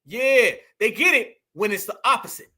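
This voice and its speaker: A man hosting reaction commentary, animated and mocking, repeating his points. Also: very high-pitched, normal speed. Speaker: commentary host.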